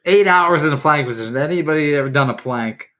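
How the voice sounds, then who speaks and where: A man's voice: a little high, fast talker, a bit bright. A man co-hosting a podcast, reading out odd records with wry, sarcastic jabs. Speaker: podcast co-host. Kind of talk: casual chat.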